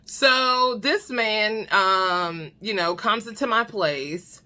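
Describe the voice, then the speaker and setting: Woman on her own camera, bright punchy voice, cussing and cracking up as she tells it. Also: medium pitch, slow pace. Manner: animated, laughs often, blunt and profane. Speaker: storytime vlogger. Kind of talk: casual comedic storytime. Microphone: talking to her own camera.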